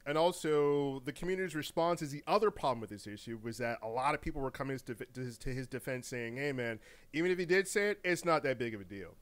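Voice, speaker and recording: A man co-hosting a gaming news podcast in casual, animated chat, laughing often, repeating words and using slang. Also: mid-range voice, fast talker, hardly any pauses. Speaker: podcast co-host.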